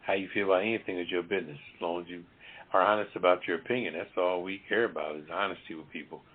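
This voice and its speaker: Very deep-voiced man on a phone line. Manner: calm, measured, even-handed. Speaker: talk show co-host. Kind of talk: casual talk show chat. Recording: tinny phone-line audio.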